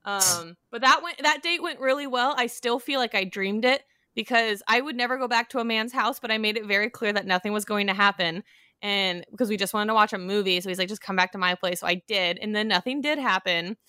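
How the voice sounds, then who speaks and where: A woman's voice: mid-range voice, brisk, sharp tone, clean tone, no room sound. A young woman co-hosting a podcast, telling a dating story in a casual, chatty way full of fillers. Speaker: podcast co-host. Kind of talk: casual chat.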